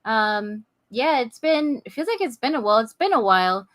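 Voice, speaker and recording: A woman co-hosting a livestreamed podcast, talking in a bubbly, giggly, energetic way. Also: on the high side, normal speed. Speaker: podcast co-host. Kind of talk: casual livestream chat.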